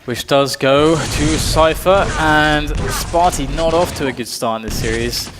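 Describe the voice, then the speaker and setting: A man casting a live online game match, play-by-play, getting excited at big plays. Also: fairly high pitch, measured pace, over music. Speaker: esports caster. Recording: long reverb and steady noise.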